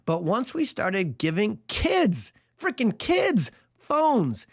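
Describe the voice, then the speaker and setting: Animated, high-voiced male podcast host. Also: dry recording, studio quality. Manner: emphatic and animated, stacks repeated phrases; casual, folksy slang. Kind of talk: solo podcast monologue explaining a health topic. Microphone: podcast microphone.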